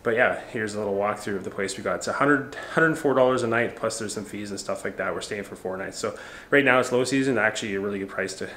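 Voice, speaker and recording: A man's voice: on the low side, fast, fairly bright tone. A man chatting casually for a travel vlog, easygoing and rambling with lots of fillers, filmed on a handheld camera. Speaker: travel vlogger. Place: outdoors at a beach restaurant and a rental condo. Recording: noisy handheld outdoor audio.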